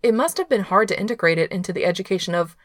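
A woman voicing a playful, quick-witted young male cultivator who talks with bright, incredulous energy. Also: mid-range voice, animated, no echo, clean studio sound, voice pushed up, natural voice. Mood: questioning.

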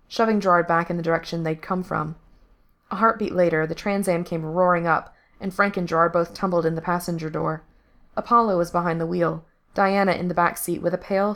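A woman reading fiction aloud in a steady, even narration. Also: lowish voice. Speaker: story reader. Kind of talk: audiobook-style fiction reading.

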